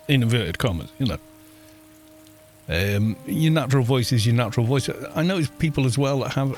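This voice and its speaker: Quiet, gentle man. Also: mid-range voice. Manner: rambling, with frequent restarts and soft laughs. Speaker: game streamer. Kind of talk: casual live-stream chat while gaming.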